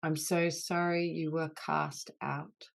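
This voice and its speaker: A woman leading a guided healing session on an online group call, speaking in slow, soothing, repeated phrases. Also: deep voice, sing-song.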